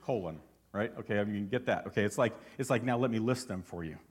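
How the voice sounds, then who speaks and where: A man's voice: fairly low pitch, fast talker, husky. A man preaching a sermon as pastor, fervent and constantly asking his congregation questions.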